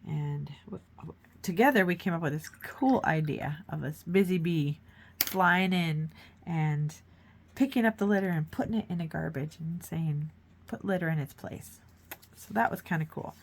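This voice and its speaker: A woman's voice: deep voice, normal speed, slight background noise. Chatty encouraging woman painting aloud. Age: adult, grown child of a mother who paints. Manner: chatty, encouraging, thinking aloud while working. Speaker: art tutorial host. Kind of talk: casual painting demonstration.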